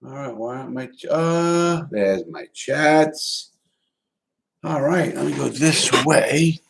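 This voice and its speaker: A man's voice: on the high side, gravelly. Loose, profane man hosting a livestream. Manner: loose and profane, repeats words in quick bursts. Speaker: live-stream host reading viewer chats. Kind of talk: casual live-stream chat.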